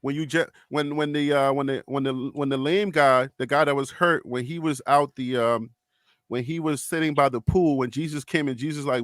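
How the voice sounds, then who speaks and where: A man's voice: medium pitch, fairly even intonation, brisk, fairly bright tone, dry recording, studio quality. A man hosting a livestream panel, talking emotionally and passionately, often repeating himself in a preacher-like cadence. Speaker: livestream host.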